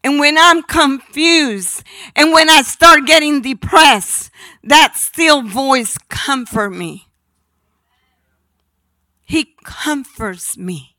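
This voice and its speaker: Slow, high-voiced woman preaching. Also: sharp tone, no echo. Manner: slow, emphatic preaching with dramatic drops to a near whisper. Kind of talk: sermon.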